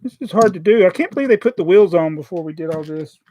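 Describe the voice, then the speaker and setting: A man's voice: high voice, expressive, fast talker, no room sound, dull audio. A man with a Southern American accent, chatting casually on a live stream as he builds a toy set, joking and reading out viewer comments. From Southern United States.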